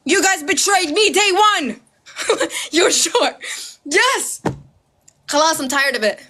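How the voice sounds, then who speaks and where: A woman ranting straight to camera, loud and heated, swearing constantly and mimicking her critics with sarcasm. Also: extremely high pitch, expressive, slow, long pauses, a little hiss or hum. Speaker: social media creator. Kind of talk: ranting direct-to-camera video.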